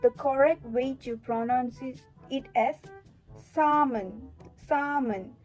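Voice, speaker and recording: A young woman with a fairly high voice steps through a pronunciation lesson. She speaks very slowly and deliberately and repeats each word so it can be copied. Soft music plays underneath. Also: fairly even intonation, rough recording. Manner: slow, deliberate, repeats words for drilling. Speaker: student presenter.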